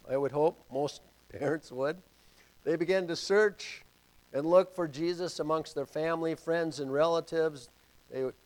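An older man preaching a sermon and telling a personal story, moving from loud calls to hushed asides. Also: on the high side, low-quality recording.

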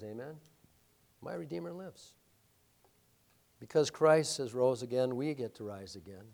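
A middle-aged pastor delivers a sermon, alternating between loud, emphatic declarations and hushed, quiet storytelling. His voice sits fairly high.

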